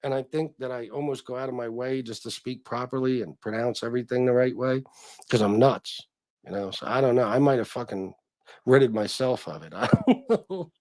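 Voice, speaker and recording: A man's voice: medium pitch, normal speed, darkish tone, no echo. Blunt, profane middle-aged man, dry close sound. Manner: profane, blunt, self-deprecating. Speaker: livestream host reading chat. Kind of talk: casual livestream chat.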